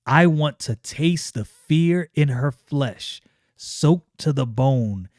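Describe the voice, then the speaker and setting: A man reading aloud and voicing a cruel, inhuman male sorcerer who gloats in slow, drawn-out, menacing lines. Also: medium pitch, lively intonation, darkish tone, no room sound, clean studio sound.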